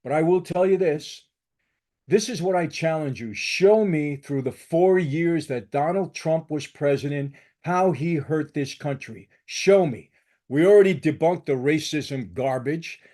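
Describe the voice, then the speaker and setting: A man's voice: fairly high pitch, unhurried, mellow. Fierce, emphatic older man ranting. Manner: emphatic, repetitive, combative. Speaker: channel host. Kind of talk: political commentary rant.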